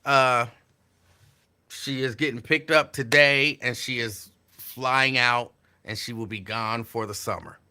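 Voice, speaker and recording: Bright-voiced man hosting casual talk. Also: mid-range voice, slow, smooth. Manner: animated, incredulous, talks back to viewers' comments. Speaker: talk show host. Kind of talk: casual live-stream chat. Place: home.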